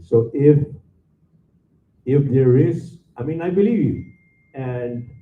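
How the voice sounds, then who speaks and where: A man serving on a school board, giving measured, halting remarks with fillers at a public meeting. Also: medium pitch, a little hiss or hum. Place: meeting hall. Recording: echoey room, far from mic, tinny.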